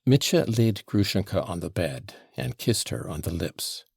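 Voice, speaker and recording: A man reading a classic novel aloud, slow and deliberate, with a deepish, gravelly, husky voice. The sound is close and dry, with no room around it. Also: no room sound. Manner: measured, even storytelling. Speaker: audiobook narrator. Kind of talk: scripted narration.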